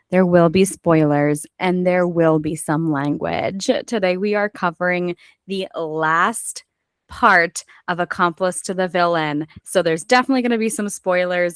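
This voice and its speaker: A woman co-hosting a book club podcast with a slightly low voice. She opens the show briskly and directly, like a host giving a quick heads-up. The recording is close and dry. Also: fairly bright tone, clear, resonant tone, no echo. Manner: brisk show opener, then short reactions. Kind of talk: casual chat.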